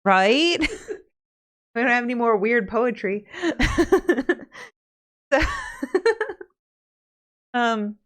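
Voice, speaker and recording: A woman host retelling an old fairy tale in a loose, chatty manner. Her voice sits fairly high, and she breaks off into joking asides. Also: animated, very slow, pauses often, a bit bright. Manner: chatty, laughs between asides. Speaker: podcast host.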